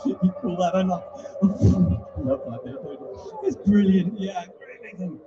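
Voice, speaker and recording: High-voiced joking showman, distant and muffled. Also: animated, takes it slowly. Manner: chatty, teasing, playful showman. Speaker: live animal show presenter. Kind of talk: jokey live show patter to an audience. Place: live indoor show with audience. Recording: distant mic, dull sound, music behind.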